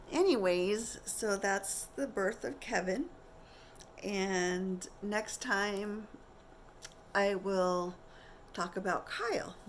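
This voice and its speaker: A middle-aged woman talks to camera in a chatty, candid vlog, her voice sitting fairly low. She acts out the people in her story as she goes. Faint hiss sits under the recording. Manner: chatty, candid, animated retelling with quoted voices. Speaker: vlogger.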